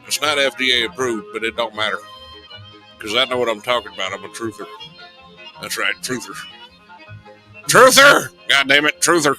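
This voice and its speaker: A man putting on a folksy rural tea peddler who hawks dubious wares in a rambling, ungrammatical sales pitch. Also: brisk, music in the background, lightly acted, low-quality recording. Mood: hawking.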